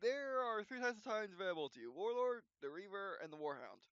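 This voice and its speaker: A man hosting a gameplay video, reading tutorial text aloud with halting restarts and yawns. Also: high-pitched, lively intonation, fairly bright tone, smooth, no room sound, dull audio. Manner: halting, frequent restarts, yawning. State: yawning.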